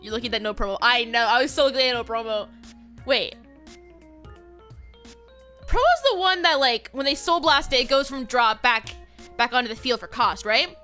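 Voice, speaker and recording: A woman's voice: on the high side, moderate pace, pauses often, faint music behind. A young woman streamer chatting casually on a livestream, ranting with laughter and frequent swearing. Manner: animated, swearing, laughing rants. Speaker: VTuber streamer.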